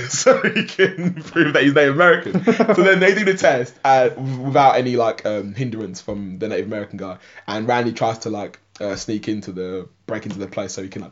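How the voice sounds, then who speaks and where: A man co-hosting a casual podcast, retelling an episode in a rambling way, full of "like" and frequent laughter. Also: on the low side. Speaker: podcast co-host. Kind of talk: casual film and TV review chat. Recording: dull lo-fi podcast audio.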